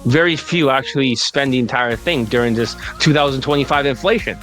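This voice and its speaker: A male dating coach giving an assertive sales pitch as he answers viewer questions, and at times building into a rant. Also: fairly quick, fairly bright tone, soft background music.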